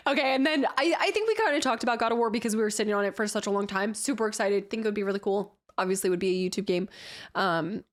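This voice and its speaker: A woman streamer reacting live in casual chat, talkative and quick to laugh at herself. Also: medium pitch. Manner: chatty, laughs often, self-deprecating.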